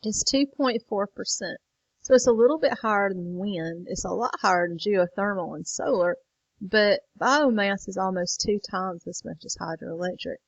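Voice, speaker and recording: A woman's voice: medium pitch, moderate pace, slightly rough, no room sound, highs cut off. A woman teacher walking students through a lesson late in the evening, tired and yawning. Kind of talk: recorded lesson walkthrough.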